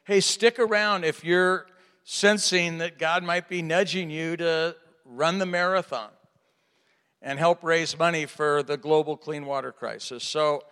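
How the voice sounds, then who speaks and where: Animated pastor preaching in a reverberant hall. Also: male voice, fairly high pitch, unhurried, clean tone. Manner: animated storytelling, acts out dialogue. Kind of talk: sermon.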